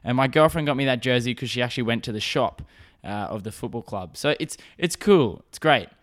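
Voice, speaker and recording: A man's voice: mid-range voice, a little fast. A young man hosting a podcast, telling a story in a rambling, profane, self-mocking way. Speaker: podcast host. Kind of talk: casual solo storytelling.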